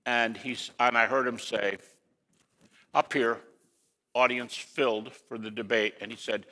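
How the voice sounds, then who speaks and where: A man giving a lecture to an audience in an animated way, with rhetorical questions and folksy asides. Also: mid-range voice, measured pace, pauses often, long reverb tail.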